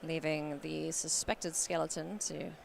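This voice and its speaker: A woman doing live card game commentary at a tournament, playful and quick to laugh. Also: gravelly, slight background noise. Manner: playful, laughs often, animated swings in pitch. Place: convention hall.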